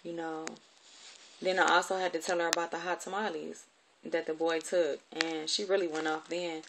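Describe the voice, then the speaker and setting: A woman's voice: low-pitched, level tone, moderate pace, creaky, fairly bright tone, a little hiss or hum. Candid woman telling her life story. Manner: candid, profane, conversational vernacular.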